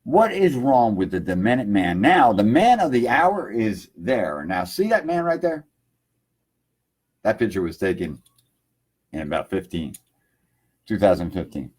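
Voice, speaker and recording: A man's voice: fairly low pitch, big pitch swings, measured pace, a little mellow, slightly rough. A man hosting an internet radio livestream, rambling loosely in casual chat from his home computer setup and filling lines with "man".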